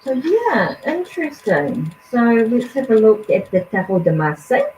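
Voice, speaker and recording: A slightly high, somewhat mellow female voice swings widely in pitch as she reads tarot cards live at a moderate pace. The casual session is halting and reflective, packed with fillers and restarts. Expect dull, lo-fi stream audio with a bit of noise.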